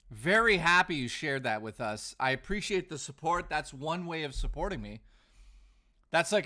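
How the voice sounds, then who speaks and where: A man hosting a casual live stream from home, talking in an animated, ranting way while reading out chat messages and thanking supporters. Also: medium pitch. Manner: animated, ranting, bursts of laughter. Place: home living room.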